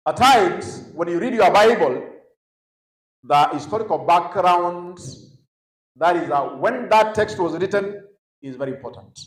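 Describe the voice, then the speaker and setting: A man with a Kenyan accent leads a teaching session for young people in a big hall. His voice sits fairly high, and the room gives it a roomy echo. He drops in Swahili phrases and leaves gaps for the crowd to finish his sentences. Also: expressive, measured pace, pauses often. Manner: mixes English with Swahili phrases. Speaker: youth conference speaker. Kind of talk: teaching a session to a youth audience. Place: large echoey conference hall.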